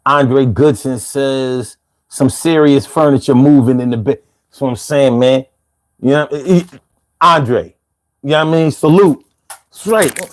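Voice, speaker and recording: A man hosting a live stream in casual chat, reading out viewer comments in a slangy, animated way. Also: mid-range voice, a little slow. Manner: slangy, animated, laughs between lines. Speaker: livestream host.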